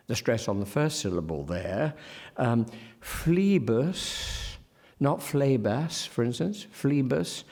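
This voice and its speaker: A male scholar lectures with a wry, wandering manner, his pitch sitting in an ordinary middle register. He hesitates with ums and corrects himself mid-sentence. When he reaches a word he wants to show off, he slows right down and enunciates it with care. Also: warm tone. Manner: digressive and wry, slowing to carefully enunciate example words; frequent ums and self-corrections. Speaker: literary scholar giving a lecture. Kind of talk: academic lecture.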